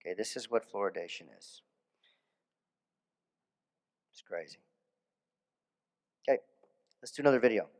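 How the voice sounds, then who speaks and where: A man, a dentist, giving a conference lecture in a casual storytelling way, animated, with restarts and asides. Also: on the low side, fairly quick, in a large hall. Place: conference hall.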